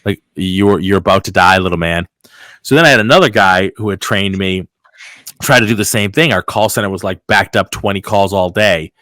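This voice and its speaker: A man hosting a podcast, telling a story in casual chat, animated and full of fillers and swearing. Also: on the low side, brisk, dry recording. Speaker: podcast host.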